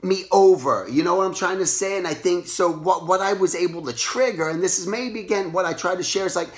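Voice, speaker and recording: A hoarse man who has lost his voice, hosting a casual motivational talk and rambling with lots of restarts. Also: sits high, fairly quick. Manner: rambling, animated, restarts often. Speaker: artist and show host. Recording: roomy echo.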